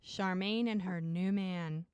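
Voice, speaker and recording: A woman's voice: fairly low pitch, slow, clear, resonant tone, no room sound. A woman co-hosting a podcast, recapping a TV episode in casual chat and acting out the characters' lines as she goes. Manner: animated retelling, acting out quoted lines. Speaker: podcast co-host.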